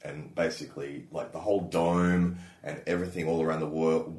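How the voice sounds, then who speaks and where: A man's voice: very deep voice, level tone, brisk, a little mellow, echoey room. An Australian comedian in his forties, chatting in an interview and rambling through stories with dry jokes. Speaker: comedian guest. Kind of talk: casual conversational interview.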